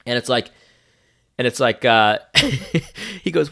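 A young man giving a sarcastic, animated opinion monologue full of restarts. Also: lowish voice, moderate pace, gravelly. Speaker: commentator.

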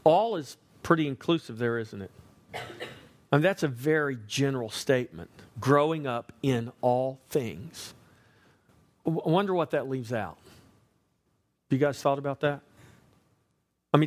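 A man preaching a sermon, emphatic, slowing to stress key words and asking the congregation questions. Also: medium pitch, expressive. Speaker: pastor.

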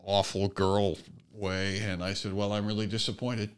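A man's voice: on the low side, flat delivery, normal speed, smooth. An older man co-hosting a casual podcast chat, dropping dry joking asides. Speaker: podcast co-host and father.

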